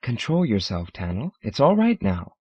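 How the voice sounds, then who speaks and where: A man's voice: medium pitch, wildly swooping pitch, moderate pace, breathy edge, dry recording. A friendly female alien who speaks lightly and casually, as a male audiobook narrator voices her. The tone stays easy and unbothered. The recording is dry and slightly dull.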